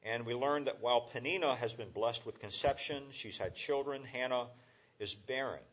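A man preaching a conversational sermon as a pastor, halting with fillers and restarts. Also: mid-range voice, highs cut off.

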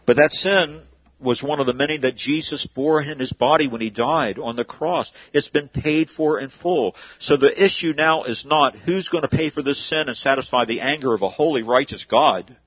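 A man's voice: medium pitch, normal speed, husky, no room sound, muffled recording. A man preaching a sermon as a pastor, talking conversationally and asking and answering his own questions.

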